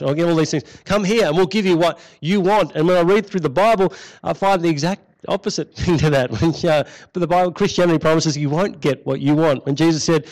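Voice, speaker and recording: A man's voice: a little high, poor audio. A middle-aged man preaching a sermon in a conversational way, often repeating key phrases for emphasis.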